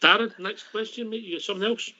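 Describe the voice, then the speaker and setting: A radio host with a high voice, jokey, bringing in callers and moving things along. The sound is dull and lo-fi. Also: male voice, fast, pushed and bright, no room sound. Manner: jokey, moves the show along.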